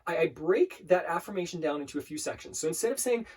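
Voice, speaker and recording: A man's voice: on the high side, lively intonation, a little mellow, slightly rough. A man coaching viewers on affirmations in an earnest self-help talk, often repeating words as he explains. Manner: earnest, repeats words and restarts, slows to demonstrate. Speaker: life coach. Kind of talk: self-help teaching to camera.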